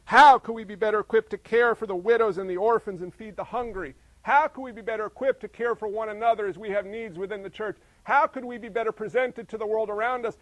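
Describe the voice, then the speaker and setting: A male pastor preaching a sermon, full of rhetorical questions and swinging between emphatic and hushed delivery. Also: high voice, fairly even intonation, quick pace, few pauses, no echo, highs cut off.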